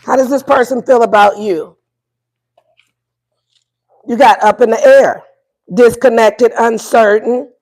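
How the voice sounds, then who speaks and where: A woman's voice: fairly high pitch, fairly even intonation, slow, pauses often, a little mellow. A woman doing a casual livestream tarot reading, playful and profane, repeating her questions to the viewers. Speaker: tarot reader.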